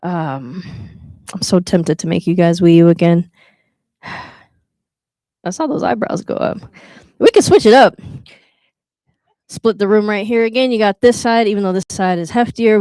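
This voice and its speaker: A woman's voice: on the low side, moderate pace, pauses often, warm tone, clear, resonant tone, dry recording. Woman, open mic host, playful crowd banter, dry close sound, live venue. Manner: playful, teasing crowd work. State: out of breath. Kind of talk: live event hosting and poetry reading.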